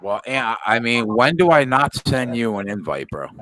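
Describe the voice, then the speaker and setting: Calm, measured man reading sports news. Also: medium pitch, rough recording. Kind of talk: casual sports betting chat.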